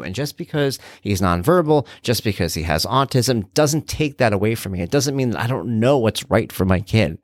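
A middle-aged man hosting a podcast, telling stories in an animated, conversational way. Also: fairly low pitch, normal speed, hardly any pauses, dry recording, clean studio sound. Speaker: podcast host. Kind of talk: casual solo podcast monologue.

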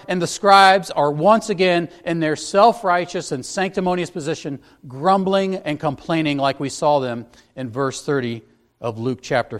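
A man preaching an expository sermon as a pastor, teaching earnestly verse by verse. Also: on the high side.

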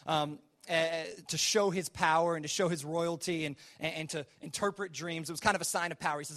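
A man's voice: a little high, steady tone, a little fast, a bit bright. A man preaching a sermon, retelling a scripture story in a casual way and acting out the characters' quoted lines.

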